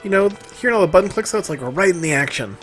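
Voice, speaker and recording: A young adult commenting alongside a game playthrough, telling rambling stories in a relaxed way. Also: medium pitch, rapid-fire, faint music behind. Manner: laid-back, tells rambling anecdotes. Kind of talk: casual gameplay chat.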